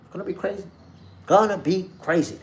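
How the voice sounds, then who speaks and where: A man's voice: high-pitched, a little fast. A man hosting a live boxing stream, chatting casually and reading viewer comments in loose slang. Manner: loose slangy street talk, addresses chat directly.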